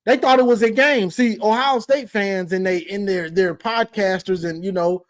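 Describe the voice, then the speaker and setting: A man's voice: high-pitched, normal speed. A man hosting a call-in sports show, teasing and laughing through a casual rant.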